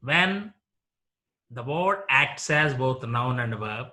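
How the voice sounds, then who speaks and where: A male college lecturer with an Indian English accent, teaching word stress slowly and deliberately, repeating each example word as a drill. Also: medium pitch, lively intonation, pushed and bright.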